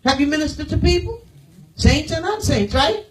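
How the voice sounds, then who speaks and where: A woman pastor delivers an emphatic sermon in a high voice, throwing rhetorical questions to her congregation. She swings between loud declarations and hushed, almost whispered lines. Her voice is picked up from some distance in the church. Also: expressive, normal speed.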